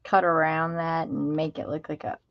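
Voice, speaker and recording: A woman's voice: sits low, flat delivery, moderate pace, dry recording, highs cut off. A woman, chatting casually to her viewers while she crafts and talking to herself as she works. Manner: chatty, talks to herself while working, drops into whispers. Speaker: craft video host. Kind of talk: casual crafting vlog chat.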